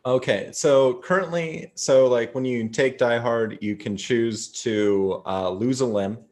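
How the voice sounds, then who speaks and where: A man's voice: medium pitch, measured pace, a little mellow. A man running a tabletop game over a video call, explaining rules in a loose, rambling way. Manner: rambling, many fillers while explaining rules. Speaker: game master. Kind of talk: casual actual-play game talk.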